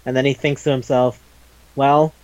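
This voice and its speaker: A man at an everyday middle pitch rambles through a casual podcast recap, full of fillers and easy profanity. The recording sounds dry and close with no room around it, and slightly dull in the highs. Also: normal speed, darkish tone, no room sound. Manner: rambling, filler-heavy, laughs often, swears freely. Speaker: podcast host.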